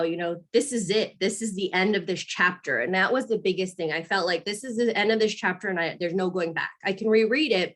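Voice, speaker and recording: Candid woman telling a personal story. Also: on the low side. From Arizona. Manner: candid, laughs often, acts out quoted voices. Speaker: guest mother.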